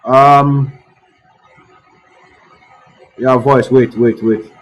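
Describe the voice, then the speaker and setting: A man's voice: medium pitch, steady tone, very slow, muffled recording. A man hosting a live online talk show, repeating himself and fussing as he tries to reach callers. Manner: repetitive, fussing over technical trouble. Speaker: host.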